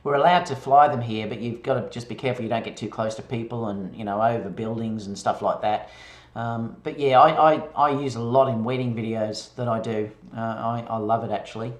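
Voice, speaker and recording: A man talks in a relaxed, rambling way and restarts his sentences often. He is a guest on a casual live-stream chat. His voice comes over a video call with a roomy echo. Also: mid-range voice, a little fast. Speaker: guest photographer.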